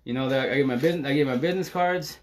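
Fast-talking, excitable man live streaming. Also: medium pitch, a little hiss or hum. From Seattle area. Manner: fast, excitable, slangy and profane with constant fillers. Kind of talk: casual Facebook Live monologue.

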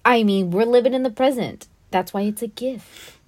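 A woman's voice: a little high, normal speed, darkish tone. A woman co-hosting a podcast in casual chat, giggly and full of banter. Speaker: podcast co-host.

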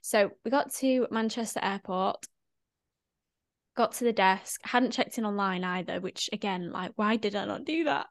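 A woman's voice: mid-range voice, normal speed, hardly any pauses, no room sound. A woman chatting casually on a podcast, telling a travel story and acting out the people in it. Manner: animated storyteller, acts out quoted voices. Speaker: podcast guest. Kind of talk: casual chat.

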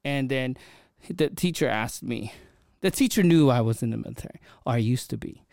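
A man hosting a podcast, telling a story in a casual, animated way and often checking in with his listener. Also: mid-range voice, normal speed, vocal fry, dry recording, clean studio sound. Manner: animated, chatty, frequent "right?" check-ins. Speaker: podcast host.

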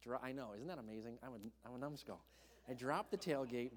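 A young man preaching, telling a personal story in an animated way and acting out the voices of the people in it. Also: medium pitch, fairly quick. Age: young adult. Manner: animated, acts out voices in his stories. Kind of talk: storytelling sermon. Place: church hall. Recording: long hall reverb.

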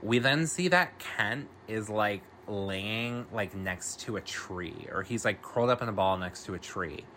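Brief: relaxed recap host, slow delivery, filler-heavy, foul-mouthed, faint background hiss. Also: low voice. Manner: rambling, filler-heavy, swears freely. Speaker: podcast host. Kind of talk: casual film recap.

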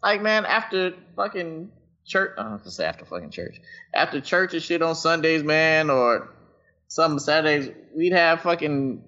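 A man's voice: fairly high pitch, lively intonation, normal speed, sharp tone. A man chatting casually at home on a group call, loose and rambling, full of slang and swearing. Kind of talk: casual profane group chat. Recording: dull lo-fi call audio.

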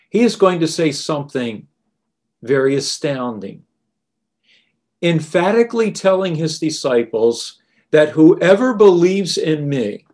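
A man preaching a sermon in a deliberate, emphatic way. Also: on the high side, darkish tone.

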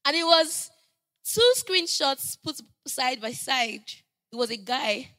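High, bright-voiced woman preaching. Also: slow pace. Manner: animated, builds to loud emphatic proclamations; conversational storytelling with playful asides. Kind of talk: sermon.

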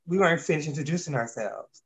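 A man's voice: a little high, fast talker, close to an everyday voice. A man reading as a sneering young witch. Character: scornful young witch villain.

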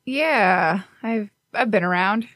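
A woman's voice: medium pitch, slow pace, a bit bright, no echo, clean studio sound. A woman playing in a tabletop game, playful and teasing as she talks in character. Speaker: player. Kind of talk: casual tabletop play.

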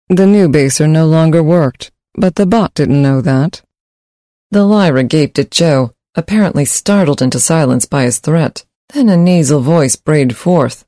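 Male audiobook narrator, measured and steady, warm tone, dry close recording. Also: a little high, dry recording. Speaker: story narrator. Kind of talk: scripted narration.

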